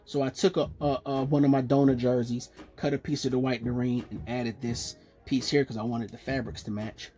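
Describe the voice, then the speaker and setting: Excited male vlogger, mid-pitch, casual show-and-tell, soft music behind. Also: brisk, few pauses. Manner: excited, chatty, fillers and self-corrections. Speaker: jersey collector showing his collection.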